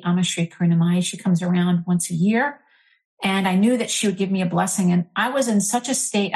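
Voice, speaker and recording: Earnest low-voiced woman telling her story. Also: creaky. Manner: earnest, animated, frequent "like" fillers. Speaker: interfaith minister, guest. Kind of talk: candid personal storytelling.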